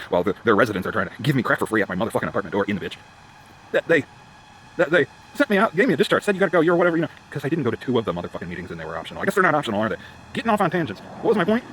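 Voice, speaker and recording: A man's voice: on the low side, fairly bright tone, slight background noise. A man ranting to the camera in a profane, agitated monologue that keeps going off on tangents. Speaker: vlogger. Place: in a vehicle.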